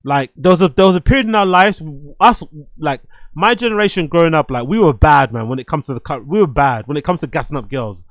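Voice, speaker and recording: A man hosting a live stream, giving casual commentary that is animated, repetitive and full of swearing and laughter. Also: fairly high pitch, fast talker, no echo. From London. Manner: animated, swears freely, laughs often, repeats phrases. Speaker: streamer host.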